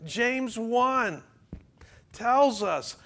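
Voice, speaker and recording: A man's voice: extremely high pitch, animated, extremely slow, gravelly, fairly bright tone. A man preaching a sermon in a church, talking conversationally and asking the congregation questions. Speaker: pastor.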